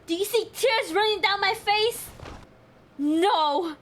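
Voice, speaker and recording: A woman's voice: extremely high pitch, slow pace, a bit bright, a little hiss or hum. A young woman streaming a video game, exclaiming, pleading and talking herself through hard fights. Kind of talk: live gameplay stream commentary.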